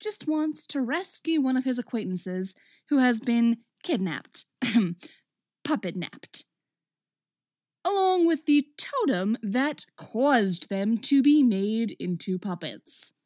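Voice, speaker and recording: A woman reads a story aloud with a wry, expressive delivery. Her voice is fairly high and swoops widely, and she takes an unhurried pace. The recording is dry and close. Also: no echo. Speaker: story reader. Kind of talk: reading fan fiction aloud.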